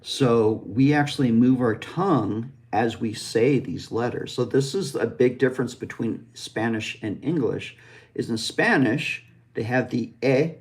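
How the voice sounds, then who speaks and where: A man gives a pronunciation lesson at a slow, deliberate pace. He speaks directly to the learner with plenty of encouragement. He draws out sounds so they can be repeated back to him. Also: mid-range voice. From United States. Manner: demonstrative, stretches out drawn sounds for practice. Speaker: pronunciation teacher.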